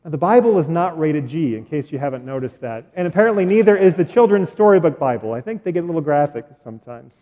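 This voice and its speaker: A pastor retelling a story in a sermon, animated and acting out sound effects, with fillers along the way. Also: male voice, a little high, quick pace, hardly any pauses, highs cut off. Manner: animated, acts out sounds and voices. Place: church. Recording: echoey church hall.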